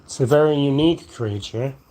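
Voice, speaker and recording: A man's voice: medium pitch, a little fast, warm tone. A man rambling drowsily outdoors at night into his phone, profane and meandering, yawning as he gets sleepy. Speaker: vlogger. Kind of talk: rambling late-night monologue. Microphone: phone camera.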